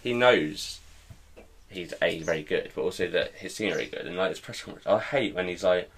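A man's voice: deep voice, brisk, a bit bright. A young man co-hosting a podcast, chatting casually and rambling through jokey tangents about football. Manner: rambling, jokey, thinking aloud. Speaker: podcast co-host.

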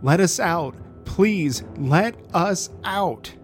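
A man's voice: sits high, animated, very slow, soft background music, voice pushed up, full character voice. A man voicing a terrified woman trapped behind a door, screaming and pleading desperately for help.

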